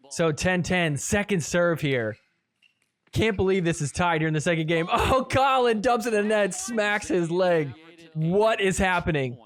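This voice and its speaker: A man hosting a podcast, giving a casual, teasing play-by-play recap of match footage and laughing often. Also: sits high. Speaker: podcast host.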